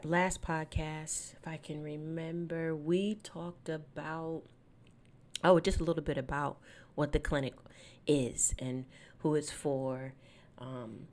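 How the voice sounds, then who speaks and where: A woman hosting a Christian podcast, chatting casually and then praying aloud in a hushed, devout way, recorded at her home desk late at night. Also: low-pitched, slow. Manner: relaxed and chatty, turning hushed and devout in prayer. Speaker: podcast host. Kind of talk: casual faith podcast chat with spoken prayer.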